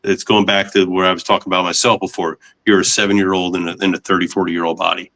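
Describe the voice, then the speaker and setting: A man in a casual podcast conversation, giving calm, matter-of-fact advice. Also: sits low, fast.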